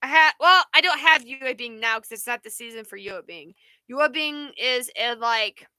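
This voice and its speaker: A woman's voice: on the high side, expressive, moderate pace, sharp tone, clean tone, dry recording. A woman hosting a livestream, chatting in a rambling way and answering viewer comments. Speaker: livestream host. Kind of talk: casual live chat.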